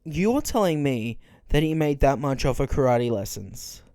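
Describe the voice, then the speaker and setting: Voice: mid-range voice, sing-song, moderate pace, mellow, no room sound, studio quality. A podcast host giving casual, joking watch-along commentary, reacting in disbelief and laughing often.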